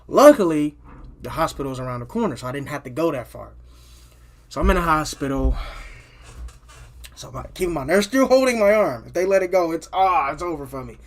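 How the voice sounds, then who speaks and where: A man's voice: a little high, sing-song, brisk, long pauses, slight background noise. A man telling a personal story in a casual, loose monologue. He swears freely, restarts his sentences and keeps adding "you know what I'm saying".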